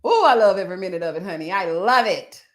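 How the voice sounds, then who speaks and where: A woman recapping a reality show on her channel, chatting loosely with viewers, reading their comments aloud and laughing often, with drawn-out endearments. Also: mid-range voice, animated. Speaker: TV recap YouTuber. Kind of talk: casual recap commentary reading live chat.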